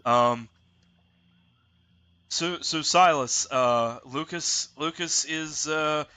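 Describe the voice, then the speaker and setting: Bright-voiced man running a tabletop game. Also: on the high side, extremely slow, clean tone. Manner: relaxed, thinks aloud while narrating. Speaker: game master.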